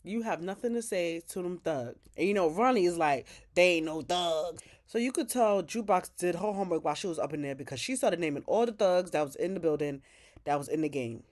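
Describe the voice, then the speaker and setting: A woman's voice: fairly low pitch, expressive, brisk, a little mellow. A woman giving a casual, chatty episode recap, retelling scenes with quoted dialogue, slang and opinionated asides. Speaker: TV recap host.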